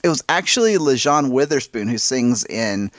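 Relaxed middle-aged host, dry close sound. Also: male voice, mid-range voice, normal speed, no room sound. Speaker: podcast host. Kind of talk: casual chat.

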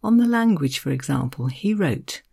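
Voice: mid-range voice, lively intonation, normal speed, gravelly, warm tone, slightly rough. A podcast host giving a scripted literary narration, with wry, self-deprecating asides.

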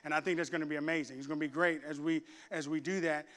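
Fervent preaching man with a smooth, high voice. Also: fairly even intonation, fast talker. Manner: rising to loud, fervent preaching with humorous asides. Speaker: pastor. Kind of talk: sermon. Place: church sanctuary before a congregation.

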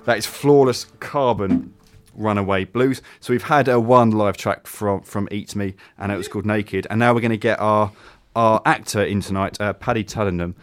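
A man with an English accent hosts a relaxed local radio show. His voice sits fairly low. He chats loosely, full of fillers and restarts. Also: moderate pace, few pauses, soft background music. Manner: chatty, with many fillers and restarts. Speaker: radio host. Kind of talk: casual radio chat.

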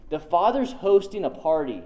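A male preacher with a slightly high voice delivers a sermon in an emphatic, conversational way. He repeats his key lines for weight and drops casual asides as he walks through a scripture reading. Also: sing-song, moderate pace, warm tone. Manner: conversational, dotted with "like".

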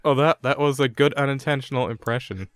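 A man's voice: medium pitch, dry recording. Joking young man hosting a gaming podcast. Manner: laughs often, swears casually, quick joking banter. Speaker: podcast host. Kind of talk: casual gaming podcast chat.

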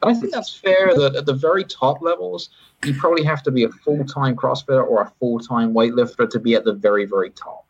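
A man's voice: mid-range voice, fairly quick, a little hiss or hum. A British man talking in a casual, rambling interview, often correcting himself and adding wry asides. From Britain. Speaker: sports federation chief executive, podcast guest. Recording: dull, lo-fi podcast audio.

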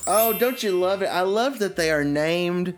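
A man's voice: high-pitched, lively intonation, normal speed, faint music behind. A man co-hosting a comedy podcast, riffing playfully with mock-dramatic asides. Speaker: podcast co-host. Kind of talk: casual comedic chat.

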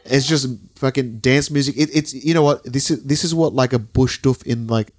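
Rambling podcast co-host. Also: male voice, mid-range voice, moderate pace, faint music behind. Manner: rambling, swears freely. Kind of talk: casual chat describing videos.

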